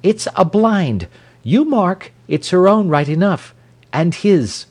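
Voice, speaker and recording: A man reading aloud, voicing a bitter, mocking farm wife with a shrill, scornful manner. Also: lively intonation, a little slow, a little mellow.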